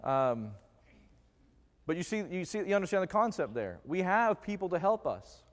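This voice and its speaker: A man with a somewhat high voice preaches in a church sanctuary, his words trailing off in a long hall reverb. He keeps it conversational and jokey, quizzing the congregation as he goes. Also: sing-song, moderate pace. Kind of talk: conversational sermon.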